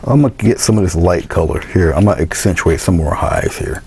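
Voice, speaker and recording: Low gravelly man demonstrating painting. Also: brisk. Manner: relaxed, talks through each step, trails into quiet asides. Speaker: painting instructor. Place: indoor studio.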